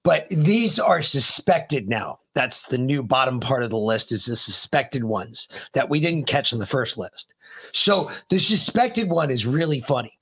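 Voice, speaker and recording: Man, podcast co-host, husky, animated, profane, lively pitch. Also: unhurried. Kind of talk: casual chat.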